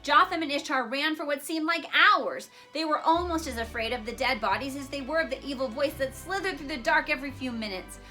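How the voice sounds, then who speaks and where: Bright, expressive woman reading a story. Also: sits high, a little fast, hardly any pauses, soft background music. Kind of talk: storybook read-aloud.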